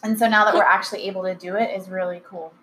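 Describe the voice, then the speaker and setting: A woman's voice: mid-range voice, fairly even intonation, racing, pushed and bright, rough recording. Woman podcast guest, earnest and chatty, faint background noise. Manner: earnest, chatty storyteller with frequent "um". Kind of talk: casual podcast chat.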